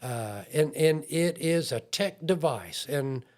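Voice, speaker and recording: A man's voice: on the high side, expressive, takes it slowly, darkish tone. A man speaking as an interview guest, an IT consultant talking in an earnest, self-deprecating way. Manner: earnest and self-deprecating, acts out quoted voices. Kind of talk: conversational podcast interview.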